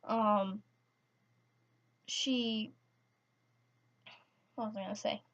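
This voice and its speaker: A woman's voice: medium pitch, fairly even intonation, extremely slow, fairly bright tone. A teenage girl telling a personal story in a vlog, hesitant and full of restarts. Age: teens. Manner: hesitant, many restarts and fillers. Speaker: vlogger. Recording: slightly dull lo-fi sound.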